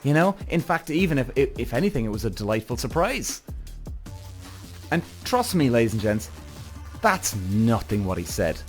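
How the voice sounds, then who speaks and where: A man hosting a podcast, reacting to a TV show in an excitable way, swearing freely and jumping up and down in pitch. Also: moderate pace, faint music behind. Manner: excitable, profane, big pitch swings. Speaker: podcast host. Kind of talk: TV reaction commentary.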